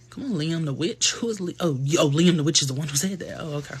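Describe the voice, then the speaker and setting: A man hosting a live stream, chatting casually and telling gossipy stories full of slang and quick asides. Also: a little high, slight background noise. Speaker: livestream host.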